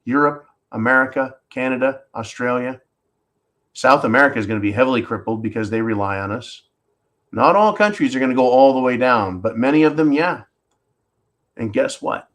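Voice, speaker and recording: A man of middle pitch delivering ranting commentary on a livestream. He talks bluntly and swears often, addressing his audience directly. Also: moderate pace, fairly bright tone. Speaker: livestream host.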